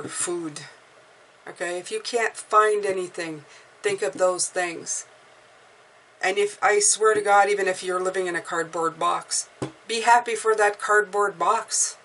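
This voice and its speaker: A woman tarot reader giving an encouraging, casual spiritual pep talk, often repeating herself and breathing deeply aloud. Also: steady tone, slow pace, fairly bright tone. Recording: mic at a distance, faint background noise.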